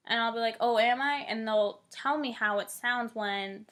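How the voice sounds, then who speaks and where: A college student in her twenties from Northeast Ohio casually explains a theory, peppering her talk with "like" and "um." Her voice is a little high and a bit bright, with fairly even intonation and a moderate pace. She comes across as chatty.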